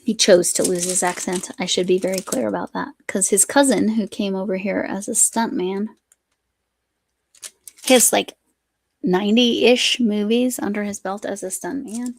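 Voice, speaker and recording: A woman's voice: mid-range voice, fairly even intonation, moderate pace, vocal fry. A woman from the United States hosting a craft live stream, chatting casually and rambling as she works, often breaking off mid-sentence. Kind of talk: casual chat while crafting.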